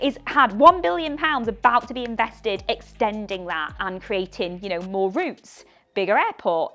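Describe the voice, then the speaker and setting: A woman's voice: a little high, fairly bright tone. A middle-aged woman presenting property investment tips to camera in a punchy, enthusiastic, persuasive way. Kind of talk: scripted-feeling direct-to-camera explainer.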